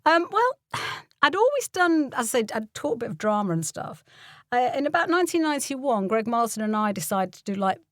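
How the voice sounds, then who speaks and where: A woman's voice: a little high, sing-song, a little fast, a bit bright, no room sound, studio quality. An older woman from the UK, a voiceover artist and coach, telling stories casually in an interview. She acts out the people she quotes and laughs often.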